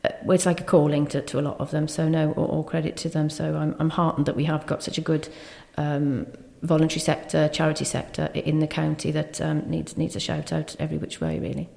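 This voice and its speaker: A woman with a Welsh accent, a county official being interviewed on a podcast, talking earnestly and gratefully with many quick restarts. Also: deep voice, gravelly, a little mellow, big-room sound. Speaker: county High Sheriff, guest. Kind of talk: casual interview. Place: small podcast studio.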